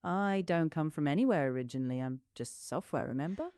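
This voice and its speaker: A synthetic woman's voice with a British accent, an AI assistant answering a streamer calmly and politely. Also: sits low, clear, resonant tone, no room sound, clean studio sound. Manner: calm, polite, measured replies. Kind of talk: chat with a streamer.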